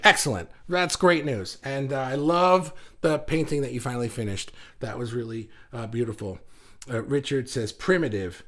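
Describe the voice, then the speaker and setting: A man's voice: mid-range voice, normal speed, fairly bright tone. A man hosting an online art group livestream, chatting casually and encouragingly as he reads viewer comments, often restarting his sentences. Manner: encouraging, talks in loose restarts and repeated words.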